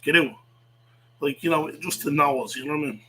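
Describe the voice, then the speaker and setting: A man's voice: on the high side, quick pace, sharp tone, a little hiss or hum, poor audio. A man ranting in a rambling way, swearing a lot, with many fillers and restarts. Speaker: vlogger. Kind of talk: rambling rant to camera.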